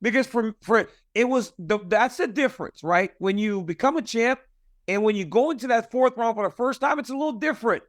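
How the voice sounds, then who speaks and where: A man's voice: very high voice, fairly quick, no echo, clean studio sound. A man in his forties interviewing a guest in a casual, friendly, emphatic conversational way. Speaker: interviewer and fight analyst.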